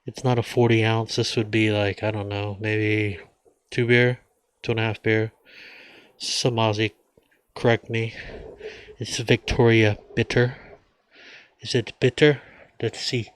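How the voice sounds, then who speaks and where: A rambling man with a drawl talks to the camera in a loose, folksy way. His voice sits on the low side. The sound is dry and close, with no room echo. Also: flat delivery, unhurried, long pauses, clean tone. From United States. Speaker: vlogger. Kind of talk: casual beer-drinking monologue.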